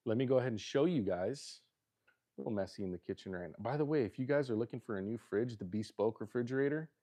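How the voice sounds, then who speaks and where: A middle-aged man from Southern California rambles through a casual livestream in his home kitchen, joking as he goes. His voice sits a little low, with a mellow, relaxed tone. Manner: loose, rambling and jokey. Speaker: livestream host. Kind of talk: casual livestream chat while cooking.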